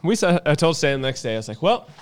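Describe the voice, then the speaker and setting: A man's voice: on the high side, big pitch swings, fast, clear, resonant tone. A man chatting casually who tells a story with animation and acts out his own lines. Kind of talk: casual chat.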